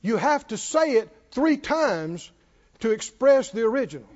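Male preacher, high voice, measured unhurried delivery, repeats key phrases, calls for congregation responses. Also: sing-song, a little mellow. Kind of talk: sermon. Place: church hall with congregation. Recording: reverberant hall, dull lo-fi sound.

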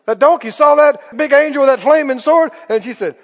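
A preacher with a very high voice, telling the story dramatically and stopping often to ask rhetorical questions. His voice carries a long reverb in a church sanctuary, and the recording sounds dull and muffled. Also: fairly quick, a bit bright. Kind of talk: sermon.

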